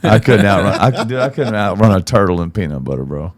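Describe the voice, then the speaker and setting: A man's voice: on the low side, sing-song, fairly quick. A man in his thirties with a Southern accent, a country singer telling a long, profane story on a podcast and acting out everyone's lines. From from Arkansas.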